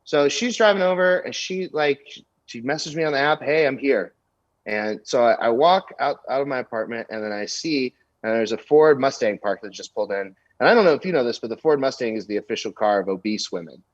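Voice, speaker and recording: A man's voice: mid-range voice, brisk, dry recording. Young male comic spinning a raunchy anecdote, dry and slightly dull recording. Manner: animated, crude anecdote telling with many fillers. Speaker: comedian guest. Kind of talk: storytelling on a podcast.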